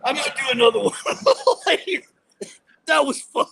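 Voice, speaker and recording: Live-streaming outdoors on a city street by concrete, a man on a headset stages a silly mock audit as a street stunt, joking, rambling and mocking himself goofily. His voice is extremely high, gravelly and sharp, very animated at normal speed, with no echo but poor audio.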